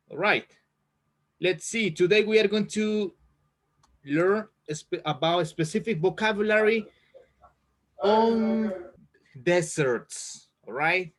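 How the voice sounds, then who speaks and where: Slow-spoken man teaching online. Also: high voice, a bit bright. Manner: slow, encouraging, repeats words for learners. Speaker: English teacher. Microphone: video call.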